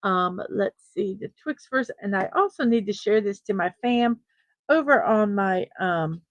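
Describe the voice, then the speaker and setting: Greeting her chatters one at a time, a woman chats through her casual daily morning stream at home, easily sidetracked, with a fan running nearby. Her pitch is medium, and the recording is rough but free of echo.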